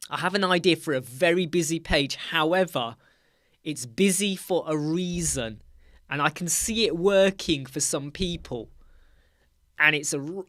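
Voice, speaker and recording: A man's voice: a little high, a bit bright, no room sound. Chatty middle-aged British man, dry sound. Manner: chatty, addresses viewers by name, teasing. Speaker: livestream host. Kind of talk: casual live chat with viewers.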